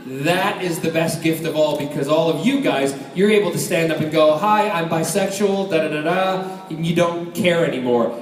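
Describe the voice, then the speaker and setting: A middle-aged man from Scotland, an actor answering fan questions at a live convention panel, animated and joking, laughing often. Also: fairly high pitch. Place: large convention hall. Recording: echoey convention hall from a distance, loud crowd noise.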